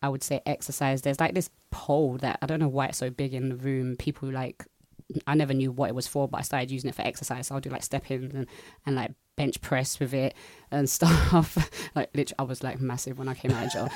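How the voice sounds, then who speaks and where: A woman's voice: extremely low pitch, steady tone, fast talker, darkish tone. A woman on a podcast panel, chatting in a bubbly way, laughing often and acting out her own reactions. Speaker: panel guest. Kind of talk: casual panel chat.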